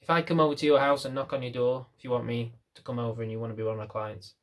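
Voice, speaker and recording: A man's voice: medium pitch, little pitch movement, rapid-fire. A young British man, a dog trainer, venting to camera with lots of rhetorical questions. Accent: British English. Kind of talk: ranting to camera.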